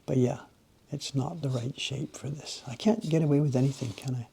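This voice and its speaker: A man hosting a livestream from his workshop, chatting with viewers in a rambling, animated way while he works on a carving. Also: medium pitch, moderate pace, creaky, slight background noise. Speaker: livestream host, woodblock carver. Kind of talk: casual chat while working.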